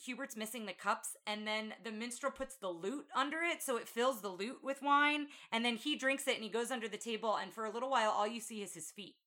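A woman chats casually as a podcast co-host, walking through a film's plot. Her voice is bright and clear, and she slips into the characters' lines as she retells scenes. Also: fairly high pitch, a little fast, hardly any pauses. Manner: animated storyteller, acts out quotes. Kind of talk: casual film recap chat.

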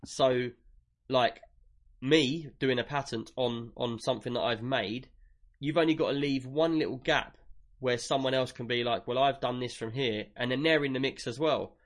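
A man's voice: mid-range voice, normal speed. Chatty English man co-hosting. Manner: chatty, jokey, reads listener questions aloud. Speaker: podcast co-host. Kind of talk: casual chat.

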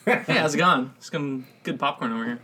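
A man's voice: fairly high pitch, moderate pace, sharp tone. Laid-back man co-hosting a podcast. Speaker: podcast co-host. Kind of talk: casual podcast chat.

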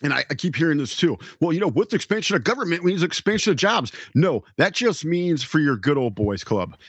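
An indignant man co-hosting a political podcast who lectures and often restarts his sentences. His voice sits a bit high and sounds husky. The recording is close and dry. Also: very animated, brisk, no echo. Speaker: podcast co-host. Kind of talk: heated political talk.

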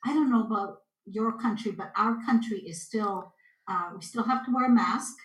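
A woman's voice: mid-range voice, normal speed. A woman with a Canadian accent, a guest telling stories in a casual interview and acting out the voices of the people in them. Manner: animated storyteller, acts out voices. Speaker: guest intuitive. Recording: echoey room.

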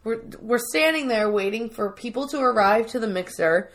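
A woman's voice: fairly high pitch, animated, normal speed. A woman co-hosting a casual podcast, chattily retelling a TV episode and acting out lines from it. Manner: chatty storytelling, acts out quotes in voices. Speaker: podcast co-host recapping a TV episode. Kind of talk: casual chat.

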